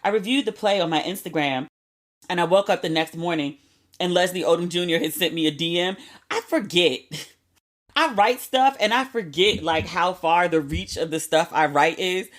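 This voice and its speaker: Young woman, podcast host, lowish voice, casual solo chat, candid, swears, slangy. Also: moderate pace. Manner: candid, profane storytelling with slang.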